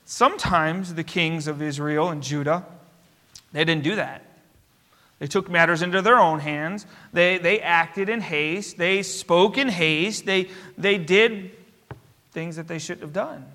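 A bright, high-pitched man preaches in a church, emphatic and rhythmic, stacking repeated phrases. His voice carries a long hall reverb. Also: unhurried. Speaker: pastor. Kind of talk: sermon.

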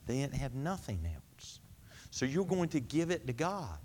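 A man preaching a sermon, asking the congregation questions and answering them himself, swinging between high emphatic lines and low quiet ones. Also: big pitch swings, a little slow, slight background noise. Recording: long hall reverb.

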